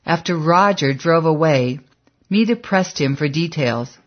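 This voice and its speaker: Measured audiobook narrator, lo-fi. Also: mid-range voice, expressive.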